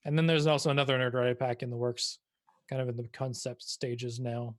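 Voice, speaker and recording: A man's voice: medium pitch, level tone, a little fast. A man playing in a tabletop game, chatting casually and rambling with lots of fillers. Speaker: player and composer. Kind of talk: casual chat.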